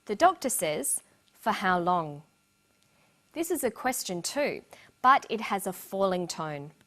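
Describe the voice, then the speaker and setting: A woman narrating a scripted English lesson with slow, clear explanations. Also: medium pitch, sing-song. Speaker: English teacher.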